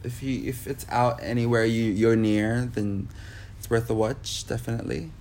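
A man joining a relaxed podcast conversation. He talks loosely, restarting phrases and trailing off. A faint ambient hum sits behind his mid-pitched voice. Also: normal speed. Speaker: podcast guest. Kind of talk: casual group chat.

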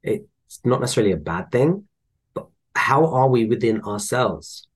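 Husky aussie guy in a chatty podcast, acts out bits of his stories. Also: mid-range voice, moderate pace. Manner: animated storyteller, acts out voices in anecdotes. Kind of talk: casual conversation.

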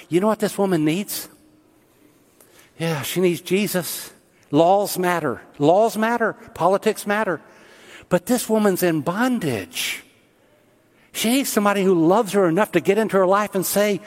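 Middle-aged guy preaching, slightly high voice, chatty then punchy, long church hall echo. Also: measured pace. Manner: conversational preaching with rising emphatic peaks. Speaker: pastor. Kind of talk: sermon.

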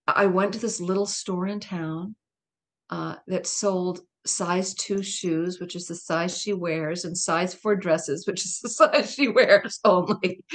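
Candid, emphatic middle-aged woman telling a story. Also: lowish voice. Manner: emphatic and candid, with frequent laughs and asides. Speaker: interview guest. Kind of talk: casual storytelling interview.

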